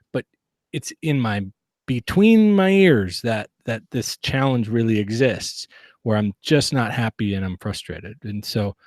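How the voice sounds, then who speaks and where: A man's voice: mid-range voice, darkish tone, no echo, clean studio sound. A man talking as a guest on a casual podcast interview, earnest and reflective, often restarting his sentences. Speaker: guest, competitive shooter.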